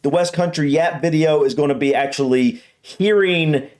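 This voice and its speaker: A man's voice: a little high, moderate pace, a little mellow. A man from the United States hosting a reaction video, talking in a casual, enthusiastic and rambling way. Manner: chatty, enthusiastic, rambling with restarts. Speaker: host.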